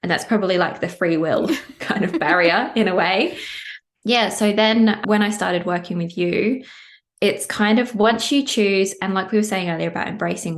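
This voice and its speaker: Candid low-voiced woman. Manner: candid, down-to-earth, swears casually. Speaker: podcast guest. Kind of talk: casual conversation.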